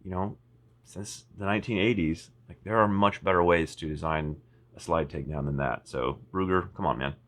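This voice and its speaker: A man's voice: sits low, moderate pace, a bit bright. A man giving a casual, rambling product review, full of fillers, restarts and wry asides. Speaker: firearms reviewer.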